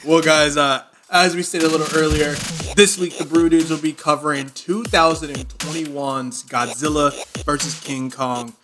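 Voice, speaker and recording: A man hosting a casual movie review podcast, animated and laughing often, reading out a film synopsis. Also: fairly high pitch, normal speed, over music. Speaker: podcast host.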